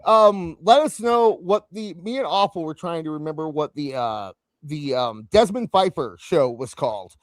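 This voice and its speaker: A podcast host chats and rambles with a co-host on a casual wrestling talk show, speaking at a moderate pace. He's animated, his pitch jumping around, and there's no echo.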